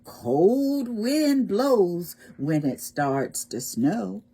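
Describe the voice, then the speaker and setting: A woman's voice: mid-range voice, big pitch swings, very slow, mellow, husky, pitched above the performer's own voice, exaggerated voice. A woman voicing a small timid house mouse in a children's picture book read-aloud. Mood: cozy.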